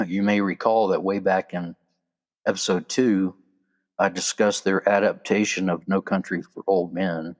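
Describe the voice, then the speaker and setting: Deep-voiced man hosting a podcast. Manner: chatty, loose and conversational with asides. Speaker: podcast host. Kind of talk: casual solo podcast talk.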